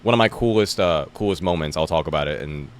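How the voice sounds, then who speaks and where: Deep-voiced young man from New Jersey. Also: fast, a little hiss or hum. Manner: relaxed, animated storyteller who acts out quotes. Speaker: guest comedian. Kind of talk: casual podcast chat.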